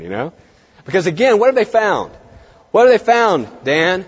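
A man working as a veterinary practice consultant, giving an emphatic seminar lecture and dropping his voice low for effect. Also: wildly swooping pitch, moderate pace, breathy edge. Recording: dull lo-fi recording in reverberant hall.

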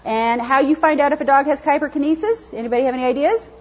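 High-voiced female dog trainer, lively classroom lecture, dull lo-fi recording. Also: fast. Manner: lively, chatty, acts out dogs' thoughts in silly voices.

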